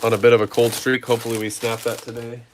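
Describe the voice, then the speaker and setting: A man's voice: medium pitch, little pitch movement, fast talker, a little hiss or hum. A man hosting a trading card break, reading off player names and chatting with viewers. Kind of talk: live card-opening stream chat.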